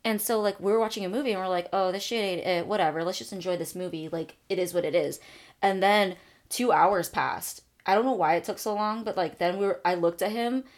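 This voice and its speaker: A woman's voice: mid-range voice, a little fast. A young woman co-hosting a podcast, telling a story in a loose, chatty way. She peppers every sentence with fillers and acts out what she was thinking, her voice jumping up when she gets worked up. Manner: animated, frequent "like", acts out her own thoughts. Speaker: podcast co-host. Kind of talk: casual storytelling chat.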